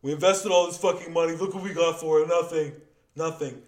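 A man putting on a higher, exaggerated whine to mock a complaining male investor. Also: fairly even intonation, fairly quick, a little mellow, close to an everyday voice. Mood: whiny.

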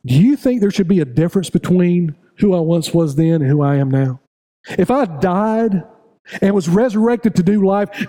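A man's voice: high-pitched, dark tone. A middle-aged man preaching a sermon as pastor, building to raised, repetitive appeals to his congregation. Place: church sanctuary.

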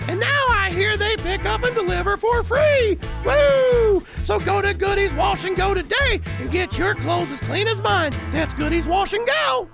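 A man voicing a goofy, high-voiced low-budget pitchman in a comic radio ad, with music under it. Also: expressive, normal speed, creaky, few pauses, exaggerated voice. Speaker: ad voice talent.

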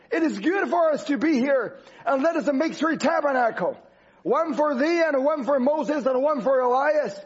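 Preacher, male, very high-pitched, driving repetitive sermon delivery, muffled lo-fi audio. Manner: emphatic, repetitive preaching cadence. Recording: dull lo-fi recording.

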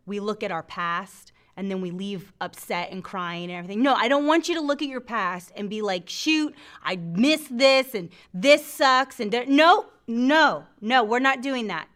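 A woman's voice: medium pitch, normal speed, few pauses, a bit bright. A middle-aged woman hosting a faith show, teaching from the Bible with lots of laughter and acted-out voices. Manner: laughs often, acts out scripture voices. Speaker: faith podcast host.

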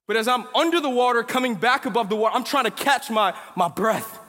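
A young male pastor with a very high voice preaches in a church sanctuary, with his words trailing into a long hall reverb. He tells stories in relaxed slang, then drives his points home with emphatic, animated preaching. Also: a little fast, hardly any pauses. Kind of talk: sermon.

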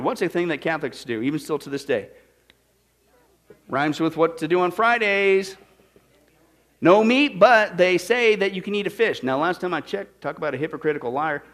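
A man teaching from the Bible in a sermon style, sarcastic and full of rhetorical questions, often drifting into asides before returning to his point. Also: high-pitched. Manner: digressive with restarts and asides.

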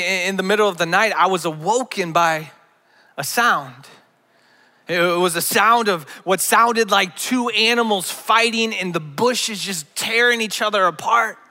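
A man in his thirties preaches a sermon and draws on a personal story. His voice sits high and sounds bright and forceful. He often repeats a word before moving on. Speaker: pastor.

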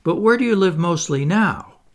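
A man's voice: high-pitched, lively intonation, normal speed, pitched above the performer's own voice. A man voicing an eager, admiring young girl who asks breathless questions in a storybook reading.

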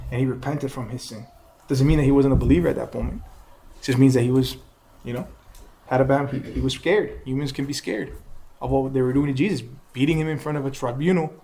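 A man teaching a Bible lesson to a class, animated and asking his listeners questions as he goes. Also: mid-range voice.

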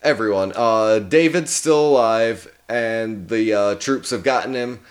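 A man's voice: lowish voice, a little slow. Male podcast co-host, casual and profane, easygoing movie-chat delivery. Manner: profane, laid-back, laughs often.

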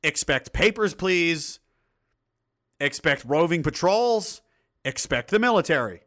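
A man's voice: on the high side, animated, measured pace, a bit bright. A man hosting a livestream, ranting in crude, mocking, blunt commentary and reading out viewer comments. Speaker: livestream host reading chat.

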